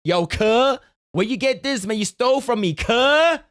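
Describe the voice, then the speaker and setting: A man's voice: extremely high pitch, expressive, measured pace, clear, resonant tone, voice pushed up, exaggerated voice. A man voicing a swaggering, street-tough male wizard teacher who barks orders at his class. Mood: accusing. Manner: shouty, bossy, threatening.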